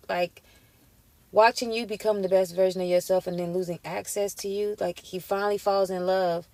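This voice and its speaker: A woman's voice: on the low side, fairly even intonation, moderate pace, darkish tone, no echo. Emotional, slangy woman reading tarot. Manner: emotional, emphatic, slangy, addresses viewers as y'all. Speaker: tarot reader. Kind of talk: casual tarot reading to viewers.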